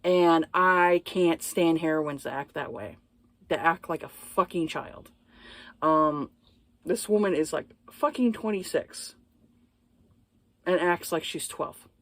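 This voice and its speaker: A woman's voice: low voice, slow pace, pauses often, no room sound. A woman giving a casual book review, blunt and profane, exasperated, with lots of hesitant fillers.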